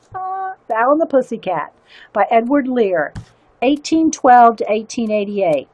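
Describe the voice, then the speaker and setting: A woman's voice: a little high, sing-song, slow, a little mellow. A woman hosting a casual livestream, chatting and giggling as she stumbles through reading aloud. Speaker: livestream host showing zines.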